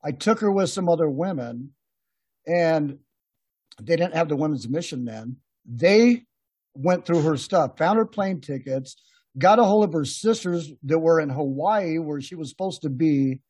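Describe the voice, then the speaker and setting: A man's voice: a little high, animated, a little slow, a little mellow, slightly rough, no room sound. A man hosting a podcast, telling rambling, laughing anecdotes in a casual chat with many restarts. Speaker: podcast host. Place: podcast room.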